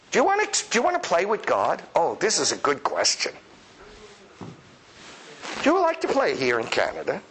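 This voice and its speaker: A man preaching a lively sermon to a congregation, animated and playful, often acting out the voices of the people he quotes. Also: fairly high pitch, normal speed, long pauses, husky. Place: church service with congregation.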